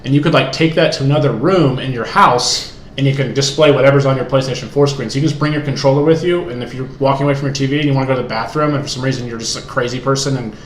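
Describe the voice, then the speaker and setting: A man's voice: mid-range voice, rapid-fire, few pauses. A young man co-hosting a casual podcast, rambling with many fillers and restarts, recorded on a cheap USB mic at home. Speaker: podcast co-host. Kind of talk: casual chat. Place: room in his house. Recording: echoey home room, faint hiss.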